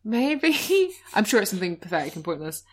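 A British woman chatting casually as a podcast co-host, sarcastic and quick with asides. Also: fairly low pitch, very animated, breathy edge. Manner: chatty, sarcastic, frequent laughs and trailing asides. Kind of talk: casual chat reviewing a film.

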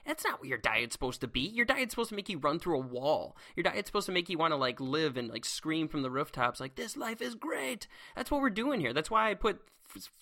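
A man who teaches science, talking in an excitable, rambling solo monologue full of restarts. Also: on the high side, quick pace, hardly any pauses.

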